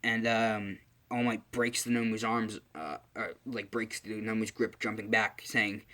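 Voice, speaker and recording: A man's voice: on the low side, fairly even intonation, measured pace, bright, forceful tone. A man casually retelling a fan story, rambling with many fillers and restarts.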